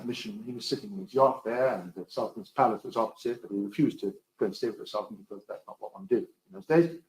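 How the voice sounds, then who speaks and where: A man giving a storytelling history lecture, with dry, wry asides that swing between loud emphasis and quiet remarks. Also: mid-range voice, low-quality recording.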